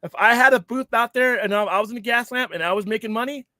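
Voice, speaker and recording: A man hosting a casual show, ranting in a heated, profane, animated way. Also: very high voice, quick pace, no room sound, clean studio sound. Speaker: podcast host.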